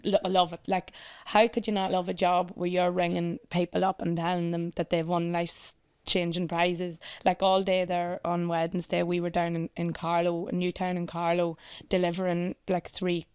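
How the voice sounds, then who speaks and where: An Irish woman talking as a podcast guest about running a competition page, chatty and animated, laughing often. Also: lowish voice, moderate pace, clear, resonant tone. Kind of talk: casual chat.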